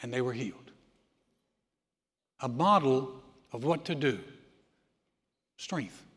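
A man preaching a sermon, telling the story with animated voices for the people in it. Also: medium pitch, slow, long reverb tail. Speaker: pastor.

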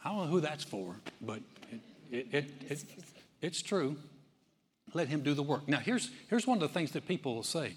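A man's voice: on the high side, big pitch swings, moderate pace, slight background noise. A man preaching a sermon as pastor in a church, telling stories in a conversational way with frequent restarts. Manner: conversational storytelling with many restarts. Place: church sanctuary. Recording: long reverb of a church hall.

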